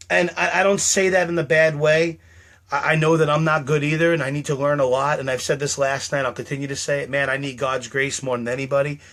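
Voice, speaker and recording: A man's voice: a little high, a bit bright. A middle-aged man talking alone on a live stream, rambling and defensive, repeating himself and insisting he is not mad. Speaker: livestreamer.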